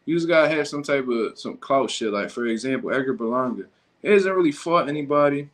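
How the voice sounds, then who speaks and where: A man's voice: mid-range voice, animated, brisk. A man hosting a casual livestream who reacts to viewer comments in blunt, slangy, profane talk. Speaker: livestream host.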